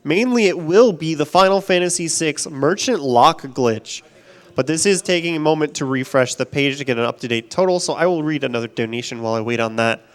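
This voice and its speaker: A man's voice: on the high side, a little fast. A man reading out donations and urging viewers on during a live charity gaming stream. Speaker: donation reader. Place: event stage.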